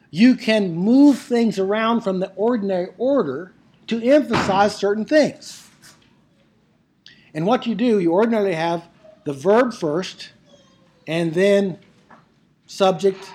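A Bible teacher giving an emphatic classroom lecture on biblical Greek, asking rhetorical questions and slowing down to stress key words. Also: mid-range voice, slightly rough.

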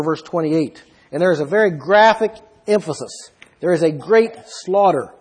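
High-voiced, breathy male preacher. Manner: reads scripture aloud, then explains it. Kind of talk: sermon.

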